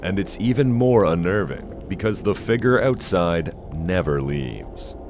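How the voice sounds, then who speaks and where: A man giving a scripted horror-list narration in a slow, ominous storytelling manner. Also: low-pitched, animated, noisy background. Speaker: narrator of a countdown list video. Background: soft background music.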